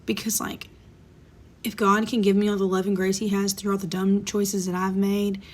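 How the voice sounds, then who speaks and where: A thirtysomething female vlogger delivers a casual storytime monologue about her own life, speaking at normal speed in a flat, mid-range voice. She's candid and emotional, at times lowering to a whisper.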